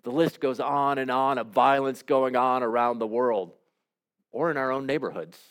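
A man preaching a sermon as pastor, in measured, emphatic phrases. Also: medium pitch, smooth.

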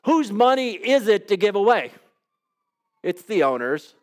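A man's voice: high-pitched, big pitch swings, unhurried. A man preaching a sermon in a conversational way, often putting questions to his listeners. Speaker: pastor.

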